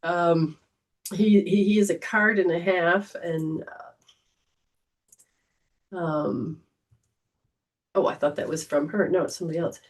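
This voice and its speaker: A woman's voice: fairly low pitch, fairly even intonation, a little slow, pauses often, recorded from a distance. A woman hosting a casual livestream as a psychic reader, talking in a chatty, rambling way. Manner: chatty, rambling, warm storytelling.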